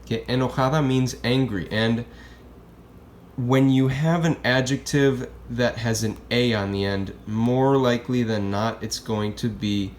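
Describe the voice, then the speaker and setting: A man with a mid-range voice explains grammar like a relaxed classroom teacher. He talks in a loose, conversational way and keeps checking in with "okay?" and "right?". A faint hiss of noise sits under the recording. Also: mid-range voice, measured pace. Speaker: Spanish teacher.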